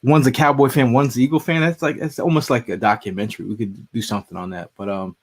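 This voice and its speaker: A man's voice: mid-range voice, steady tone, quick pace. A man co-hosting a casual sports podcast, rambling easygoing with many "uh"s. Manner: rambling, filler-heavy, easygoing. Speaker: podcast co-host.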